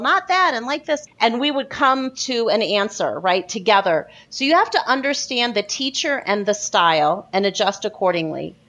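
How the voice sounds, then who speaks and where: Woman, fairly high voice, podcast guest, animated, emphatic, repeats key points. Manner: animated, acts out other people's lines in quotes. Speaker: copywriter guest. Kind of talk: podcast interview.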